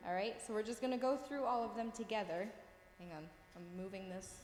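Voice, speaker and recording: Woman teacher, mid-pitched, encouraging; recorded in an echoey hall with faint noise. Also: brisk, a little mellow. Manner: patient, encouraging, checks in often. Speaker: Coptic language teacher. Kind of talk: classroom lesson, reading words aloud. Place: classroom. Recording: roomy echo with long reverb, faint room noise.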